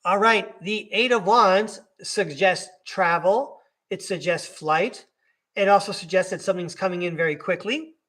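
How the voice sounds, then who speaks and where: Bright high-pitched man reading tarot live. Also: a little slow. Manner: chatty, laughing, self-correcting. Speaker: podcast host reading tarot.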